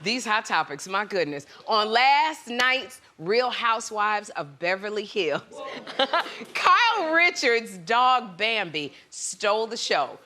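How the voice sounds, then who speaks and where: A woman guest-hosting a talk show, telling a comic story in an animated way and acting out the quotes herself. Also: medium pitch, takes it slowly. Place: TV studio with live audience.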